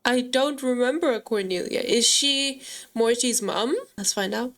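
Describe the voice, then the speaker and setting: A woman giving chatty, excitable gameplay commentary and talking straight to her viewers. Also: on the high side, unhurried. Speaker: gaming channel host.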